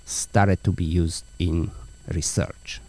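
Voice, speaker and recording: A man's voice: deep voice, fairly even intonation, slow, vocal fry, darkish tone. A man hosting a podcast interview, earnest and explaining his points with everyday analogies. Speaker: podcast host, dog trainer. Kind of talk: conversational interview.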